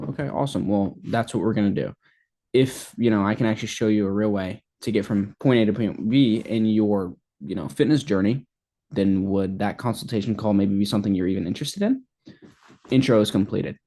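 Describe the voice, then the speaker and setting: Laid-back low-voiced male sales coach. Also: a little mellow. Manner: laid-back, filler-heavy, switches into a mock caller voice. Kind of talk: casual instructional talk with role-played sales calls.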